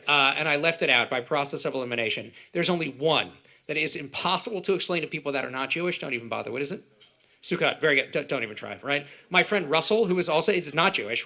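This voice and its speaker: A man doing stand-up comedy at a live event, quizzing the audience with rapid, animated delivery. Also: on the high side.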